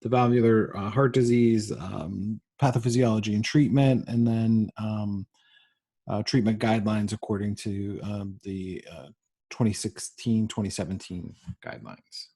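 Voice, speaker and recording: A man giving a recorded medical lecture, pausing often with ums and uhs. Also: lowish voice, steady tone, mellow, breathy edge. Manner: halting, frequent ums and uhs.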